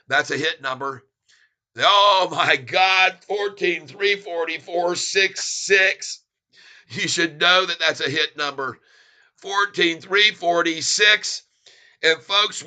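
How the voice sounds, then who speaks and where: Gleeful man calling stock prices live, bright. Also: a little high. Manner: gleeful, excitable, chuckling at the market. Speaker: stock-trading streamer. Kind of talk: live stock-trading commentary.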